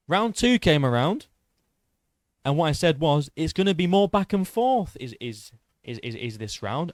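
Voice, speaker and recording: A young man recapping a fight in an excitable, boastful way, swearing and tripping over his words. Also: medium pitch, no room sound, clean studio sound. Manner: boastful, excitable, swears a lot, stumbles and repeats. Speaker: MMA YouTuber.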